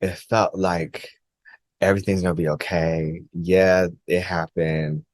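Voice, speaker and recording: A man vlogger earnestly recounting a personal experience, halting and repeating himself with many likes and restarts. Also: sits low, little pitch movement, no echo. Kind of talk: personal storytelling to camera.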